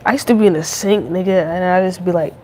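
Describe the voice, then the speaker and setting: A woman's voice: fairly low pitch, fast, a little mellow, slight background noise. Profane, rambling young woman podcaster. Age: young adult. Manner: loose, profane, rambling slang. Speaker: podcast host. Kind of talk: casual chat.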